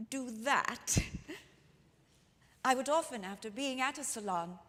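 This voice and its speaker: The ghost of a wry, reflective 19th-century woman author, played by a woman storyteller speaks straight to her audience, leaning on each word. Her voice sits a little high and moves slowly and deliberately. It rings out with the long reverb of a large church hall. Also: fairly bright tone. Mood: wistful. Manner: theatrical, addresses the audience directly, lingering emphasis. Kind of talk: one-woman historical storytelling performance. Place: church sanctuary with live audience.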